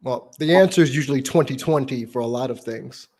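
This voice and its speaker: A man's voice: mid-range voice, brisk, darkish tone. A young adult man hosting a podcast, blunt and opinionated with dramatic flair. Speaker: podcast host. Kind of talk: casual chat.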